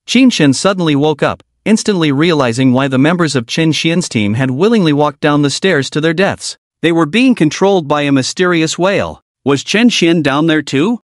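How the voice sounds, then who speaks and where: A man's voice: fairly high pitch, no room sound, studio quality. A man narrating a comic story recap in scripted storytelling style.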